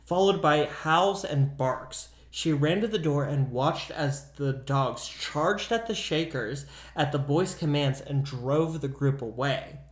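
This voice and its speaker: A man co-hosting a podcast, telling a ghost story in an animated, casual way and acting out voices. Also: on the high side, takes it slowly, few pauses, roomy sound. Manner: animated, acts out voices in quotes. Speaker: podcast co-host.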